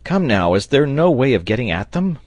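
A man voicing a bold, excitable sailor who bursts out in loud, hearty cries. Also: medium pitch, brisk, no echo, voice pushed up. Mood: urgent. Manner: loud exclamations, hearty and blustering.

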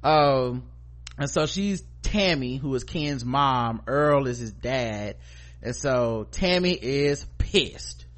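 Male podcast host, mid-pitched, joking, animated storyteller. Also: slow pace. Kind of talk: casual show recap.

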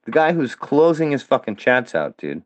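A man's voice: medium pitch, sing-song, normal speed, dry recording, lo-fi sound. A man speaking as a podcast guest, delivering a heated, profanity-laced rant aimed at his critics. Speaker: guest, former fan of a comedian. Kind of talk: angry monologue addressed at critics.

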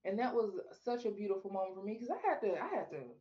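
Animated woman telling her faith story. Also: quick pace, dull audio. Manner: animated storyteller, acts out quoted talks with God in a high voice. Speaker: podcast guest. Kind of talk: casual faith interview.

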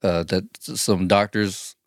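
A man's voice: sits low, fairly even intonation, unhurried, dry recording, studio quality. A man co-hosting a podcast, chatting casually and telling crude work stories with lots of laughter. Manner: profane, laughing storyteller. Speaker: podcast co-host. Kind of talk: casual chat.

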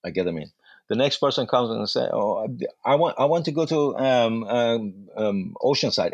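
A man, a guest actor, telling lively anecdotes and acting out dialogue. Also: medium pitch, brisk, creaky, no echo. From Iran. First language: Farsi. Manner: animated anecdotes with acted-out dialogue. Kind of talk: casual storytelling.

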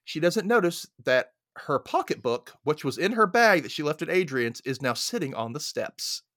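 A man hosting a podcast, recapping a movie in casual chat as an animated, laughing storyteller. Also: on the high side, normal speed, dry recording, clean studio sound. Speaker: podcast host.

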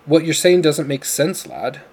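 A man voicing a gruff, commanding older father who talks in a booming, demanding way. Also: very animated, a little slow, a little mellow, full character voice. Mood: patronizing.

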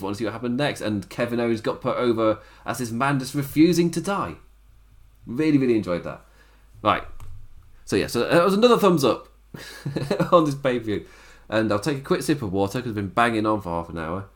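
A man's voice: mid-range voice, expressive, a little fast, pauses often. A man giving a casual solo review of a wrestling show, chatty and loose, laughing often between points.

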